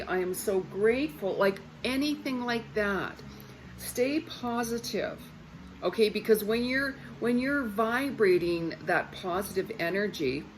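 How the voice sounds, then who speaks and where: A woman's voice: on the low side, a little hiss or hum, rough recording. Chatty woman giving spiritual advice. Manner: chatty, repeats herself, says okay often. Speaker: psychic reader. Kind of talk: casual spiritual talk to viewers.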